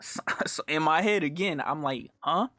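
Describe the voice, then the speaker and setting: A man's voice: normal speed, bright, forceful tone, dry recording, faint music behind. A young adult man telling a rambling story in casual, profane slang and acting out the quotes. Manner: acts out quoted lines in swings of pitch. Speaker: storytime YouTuber. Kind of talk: casual storytelling over gameplay.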